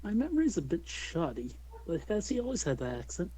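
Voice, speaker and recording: A man's voice: on the high side, wildly swooping pitch, fairly quick, mellow, breathy edge, pitched above the performer's own voice, exaggerated voice. A man playing a forgetful dry-mannered guy. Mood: puzzled.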